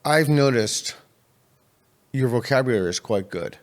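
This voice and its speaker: A man hosting a podcast conversation, asking probing questions in a measured way. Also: medium pitch, lively intonation. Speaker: podcast host. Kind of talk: casual conversation.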